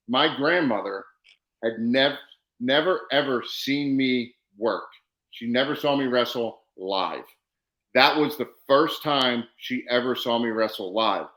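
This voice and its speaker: A man, a professional wrestler, casually telling animated stories and acting out quoted dialogue. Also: medium pitch, roomy sound, low-quality recording. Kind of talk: casual storytelling.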